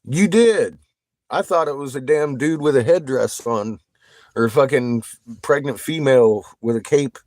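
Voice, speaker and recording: A man chatting casually with viewers on a livestream. He swears constantly, gets excited and laughs often. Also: medium pitch, normal speed, no echo.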